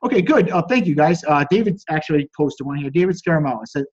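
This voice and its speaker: A man's voice: quick pace, breathy edge, highs cut off. A man coaching on a group call, reading out chat messages, critiquing them, and acting out quoted lines. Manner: acts out quoted dialogue with lively pitch jumps. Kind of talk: casual teaching on a group call.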